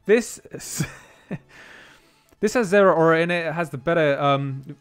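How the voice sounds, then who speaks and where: A man chatting casually on a live stream as he opens card packs, excitable and quick to laugh, sometimes trailing off into quiet asides. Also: a little high, smooth, soft background music. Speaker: streamer opening trading card boxes.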